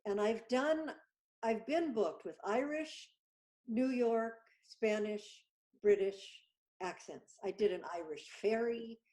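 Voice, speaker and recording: Excited lady guest on a zoom call talking about her voice work, somewhat high voice. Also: slow pace. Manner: chatty and enthusiastic. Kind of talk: casual video-call interview. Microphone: video call.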